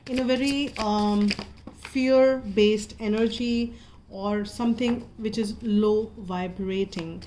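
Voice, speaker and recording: Gentle woman giving a tarot reading. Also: medium pitch, background noise. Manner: calm, meandering, gentle reassurance. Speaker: tarot reader.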